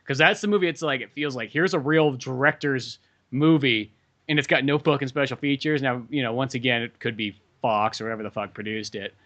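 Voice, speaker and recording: A man's voice: mid-range voice, brisk, fairly bright tone. A man co-hosting a podcast, chatting casually and laid-back with frequent swearing. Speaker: podcast co-host. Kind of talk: casual chat.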